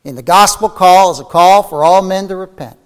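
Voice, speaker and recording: A man preaching a fervent sermon, reading scripture aloud, his voice climbing high and then falling to near-whispers. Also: fairly quick, big-room sound. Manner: fervent preaching, soaring then dropping to a hush.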